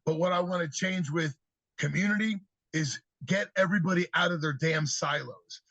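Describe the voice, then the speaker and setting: A man with a fairly high, husky voice tells stories on a podcast, acting out the children he talks to. The sound is dry and a little dull, like a simple podcast setup. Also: moderate pace, no echo. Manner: animated storyteller, acts out kids' answers. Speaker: podcast guest, youth speaker. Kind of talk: storytelling interview talk.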